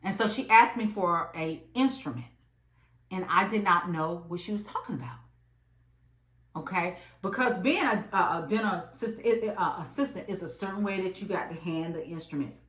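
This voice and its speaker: A woman in her late thirties telling an emphatic, animated story about her job in a vlog. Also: mid-range voice, normal speed. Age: late 30s. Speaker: vlogger. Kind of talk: storytime monologue. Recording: echoey room.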